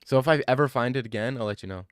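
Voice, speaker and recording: A man's voice: medium pitch, very fast, clean tone, no room sound, clean studio sound. A young adult man streaming live, chatting casually and answering his viewers' questions in a laid-back, rambling way. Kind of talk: casual chat reading live chat.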